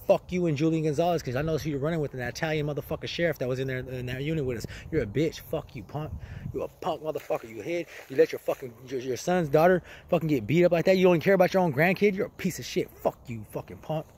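A man in a furious, profane rant, hurling rapid insults. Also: fairly high pitch, a little mellow, a little hiss or hum. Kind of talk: angry rant.

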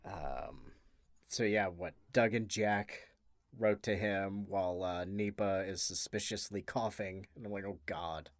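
A man co-hosting a podcast, chatting casually about a film in a rambling, halting way with many restarts. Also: on the low side, steady tone, dry recording, studio quality. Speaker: podcast co-host.

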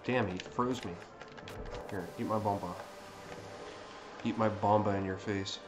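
Streamer type: man, voice on the low side, cursing, excitable outbursts, live play commentary, game music clear underneath. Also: unhurried. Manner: swears constantly, excitable outbursts.

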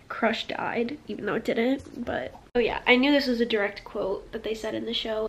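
A woman's voice: a little high, creaky, a little hiss or hum. A young woman in her twenties chatting casually about books as a vlogger, peppering her talk with "like" and reading passages aloud. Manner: chatty, frequent "like", laughing asides, reads passages aloud. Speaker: book vlogger. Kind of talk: casual vlog chat.

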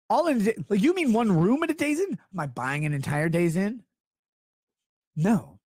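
A man's voice: high voice, dry recording, clean studio sound. A man on his livestream, reading chat messages aloud and launching into an exasperated, profane, sarcastic rant. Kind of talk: ranting livestream monologue.

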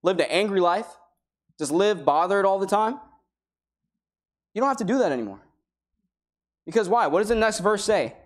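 A man with a fairly high voice preaching a sermon. He talks earnestly and conversationally, reading out old-fashioned scripture lines between his own plain explanations. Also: expressive, moderate pace, long pauses. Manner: earnest, conversational preaching with King James quotations.

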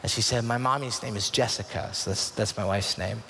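A man's voice: lowish voice, fairly quick, gravelly, pushed and bright, slight background noise. Earnest man telling a story in a big hall. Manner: earnest, confiding storytelling with many restarts. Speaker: youth conference speaker. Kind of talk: storytelling sermon. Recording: long hall reverb.

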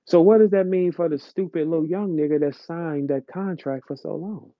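A man's voice: on the high side, moderate pace, no room sound. A man, ranting bluntly and profanely in a live audio chat, lecturing his listeners. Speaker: host of an audio chat room. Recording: dull lo-fi audio chat stream.

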